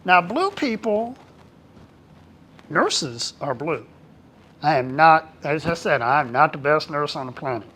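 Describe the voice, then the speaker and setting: Animated, colloquial workplace trainer. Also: mid-range voice, measured pace, pauses often. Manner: animated and colloquial, acts out quoted dialogue. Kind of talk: casual training presentation to a small group.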